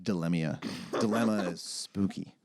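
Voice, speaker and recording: A man's voice: sits low, normal speed, a little mellow, no echo, clean studio sound. A man co-hosting a podcast in casual chat, rambling, swearing freely and acting out other people's voices. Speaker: podcast co-host.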